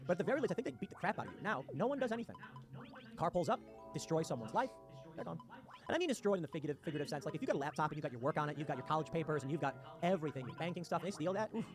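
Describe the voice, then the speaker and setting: A man's voice: on the high side, very animated, racing. A man giving sarcastic, combative commentary on a livestream, reading posts aloud and ranting. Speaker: political commentator. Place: home in West Virginia. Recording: music playing underneath. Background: music.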